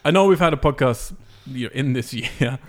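A man hosting a podcast, talking quickly and casually with frequent laughs and swearing asides. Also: medium pitch, animated. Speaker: podcast host. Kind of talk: casual chat.

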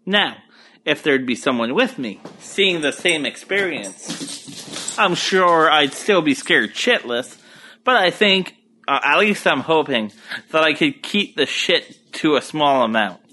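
Speaking slowly in a high, animated voice with a sharp edge, this young Moncton, New Brunswick native has an Acadian French accent, and there's slight background noise. Sitting on his couch at home, he runs a solo podcast in a crude, profane, rambling and relaxed style.

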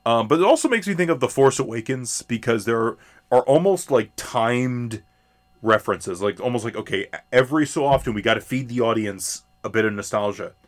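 Animated rambling man, lively pitch. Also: brisk. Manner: rambling, animated, many fillers and restarts. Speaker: podcast co-host. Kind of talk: casual movie discussion.

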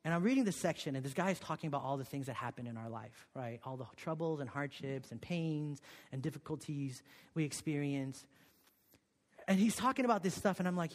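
A man delivers a sermon in a slightly high voice, breaking up his story with "okay?" and "right?". He drops to near-whispers, then rises into emphatic peaks. The sound carries a long reverb, as in a large church hall. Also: expressive, a little fast. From Korea. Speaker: pastor.

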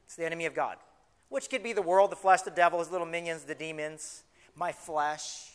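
High-voiced pastor preaching in a hall. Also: male voice, smooth. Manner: animated preaching, slows to read scripture aloud. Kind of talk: sermon.

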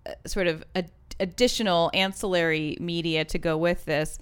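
A woman's voice: fairly low pitch, steady tone, moderate pace, clear, resonant tone. A woman co-hosting a casual chat about ads, talking loosely with lots of fillers and restarts. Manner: chatty, many fillers and restarts. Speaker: podcast co-host.

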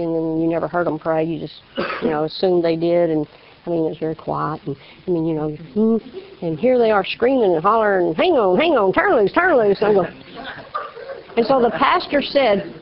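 A woman with a fairly low, fry-tinged voice shares a personal faith testimony in a folksy, storytelling manner, voicing the people in her tale. The recording is slightly dull and lo-fi.

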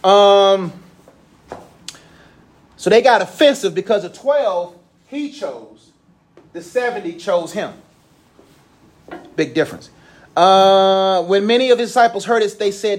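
A man's voice: high-pitched, animated, slow pace, pauses often. A young man who teaches a class, reading scripture aloud and explaining it in informal, slangy talk. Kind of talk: Bible lesson to a class.

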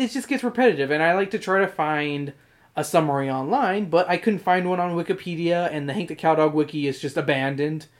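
A man hosting a podcast in casual chat, rambling and swearing often, with frequent laughs. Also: sits high. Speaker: podcast host.

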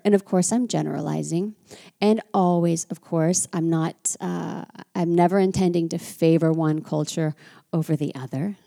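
Low, gravelly-voiced woman teacher. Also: dark tone. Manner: thoughtful, drawing out key words slowly. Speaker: French teacher and podcast host. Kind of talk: reflective podcast monologue.

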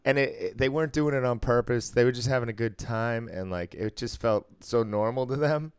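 A man's voice: medium pitch, a little fast, clean tone, dry recording. A man chatting casually on a podcast, telling stories with frequent laughs and swearing. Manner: laughing storyteller, swears freely. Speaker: podcast co-host. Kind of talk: casual chat.

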